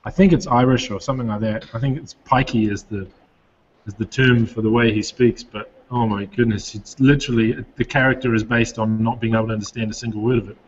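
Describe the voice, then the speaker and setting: A man joining a casual chat, chiming in with quick remarks. His voice carries a lingering reverb over faint background hiss. The audio is dull and lo-fi. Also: medium pitch, steady tone.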